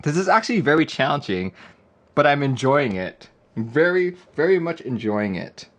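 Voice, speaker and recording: A man's voice: on the high side, very animated, moderate pace. A man live-streaming a keyboard build, chatting casually and joking with viewers. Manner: laid-back, joking with chat, often laughing.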